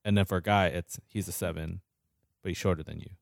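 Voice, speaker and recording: A man's voice: sits low, steady tone, quick pace, vocal fry, dry recording, clean studio sound. A young man co-hosting a podcast in casual chat, rambling with filler words and often giggling. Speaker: podcast co-host.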